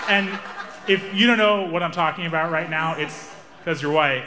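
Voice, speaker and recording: A young man doing stand-up, telling a story in an animated, wry, self-amused way. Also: fairly high pitch, moderate pace, pauses often, noisy background. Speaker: stand-up comedian.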